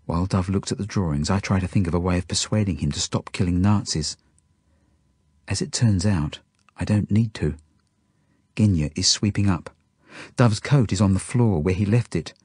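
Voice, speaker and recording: A man reading his own novel aloud as audiobook narration, in a steady, plain first-person storytelling manner. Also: low voice, moderate pace, husky, no echo, clean studio sound.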